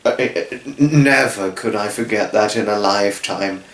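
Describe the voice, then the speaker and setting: A man's voice: on the low side, moderate pace, reverberant, rough recording. A man hosting his own channel, giving a rambling, effusive spoken tribute to friends, full of restarts and fillers. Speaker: channel host.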